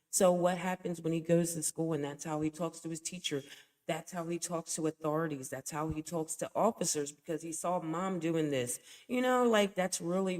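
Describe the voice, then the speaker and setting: Reaction host, indignant, direct to camera, mid pitch. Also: a little mellow. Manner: indignant, talks straight to viewers. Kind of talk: casual commentary.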